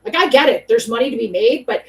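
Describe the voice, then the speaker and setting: A woman's voice: fairly high pitch, animated, fast, darkish tone, distant mic, low-quality recording. A woman hosting a podcast, ranting in casual chat, profane and rambling with many fillers. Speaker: podcast host.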